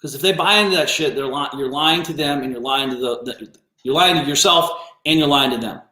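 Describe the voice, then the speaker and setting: A man hosts a business coaching livestream and lays into a commenter bluntly, swearing freely and daring him to prove his claims. His voice sits a bit high for a man. The sound carries a clear room echo. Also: fairly quick, pushed and bright. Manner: blunt, profane, confrontational. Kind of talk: livestream rant. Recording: roomy echo.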